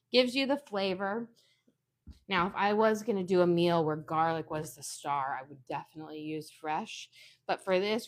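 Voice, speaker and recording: A woman in her home kitchen, chatting casually while she demonstrates a recipe step by step and drifts into family stories. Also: mid-range voice. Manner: chatty, instructional, sidetracked into anecdotes. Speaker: home cooking vlogger.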